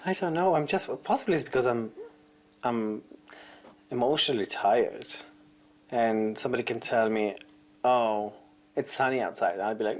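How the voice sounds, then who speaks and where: A young man on a reality show, chatting emotionally, laughing and jumping between high and low pitch. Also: moderate pace. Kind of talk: casual chat.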